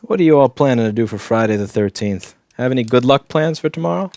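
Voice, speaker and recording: A man's voice: mid-range voice, expressive, quick pace, a little mellow, dry recording. A man hosting a live repair stream with joking asides while he works, his throat a little sore. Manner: wisecracking, offhand asides while working. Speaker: electronics repair technician and host. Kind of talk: live repair walkthrough with chat replies.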